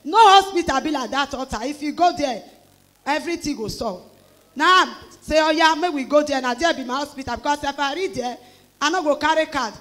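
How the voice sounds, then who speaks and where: Her voice sits high and brisk as this middle-aged woman, whose accent is Nigerian Pidgin English, recounts her story in an emotional church testimony. Animated exclamations punctuate it, and she performs other people's voices.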